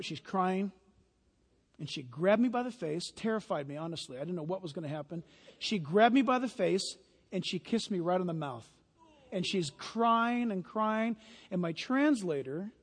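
A middle-aged man preaching a sermon as pastor, swinging from hushed storytelling to loud, fervent exhortation. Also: high voice. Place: church sanctuary. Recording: long hall reverb.

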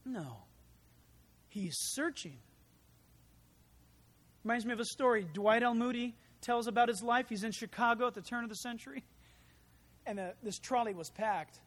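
A man preaching a sermon in an animated, conversational way, full of asides and rhetorical questions. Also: very high voice, normal speed, long pauses. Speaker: pastor.

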